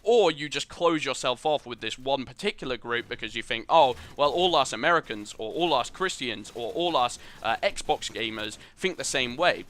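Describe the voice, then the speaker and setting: A man's voice: mid-range voice, sharp tone. A young man giving earnest, rambling voice-over commentary over gameplay, opinionated and full of fillers. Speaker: gaming channel host.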